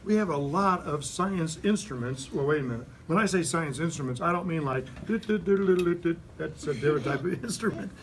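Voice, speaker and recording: A man's voice: fairly high pitch, brisk, hardly any pauses. Guy doing a fun science lesson for little kids, mic kinda far off, noisy classroom around him. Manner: playful, animated, coaxing call-and-response. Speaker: science teacher visiting a first grade class. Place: school classroom.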